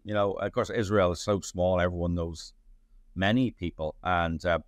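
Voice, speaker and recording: A man's voice: deep voice, steady tone, moderate pace, no room sound, studio quality. A man, a journalist answering interview questions in a rambling way, full of restarts and fillers. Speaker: journalist and playwright.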